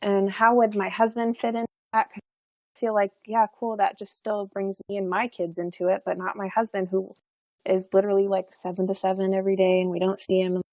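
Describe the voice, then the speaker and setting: A woman's voice: medium pitch, flat delivery, brisk, warm tone, no echo. A young adult woman, a podcast guest, telling a personal story in a chatty way, full of fillers and restarts and frequent laughs.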